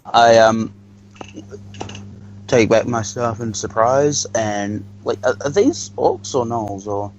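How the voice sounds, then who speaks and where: A man playing in a tabletop role-playing game, talking slowly and hesitantly about his character's actions. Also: mid-range voice, expressive, lo-fi sound, slight background noise. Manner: hesitant, slow. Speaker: player.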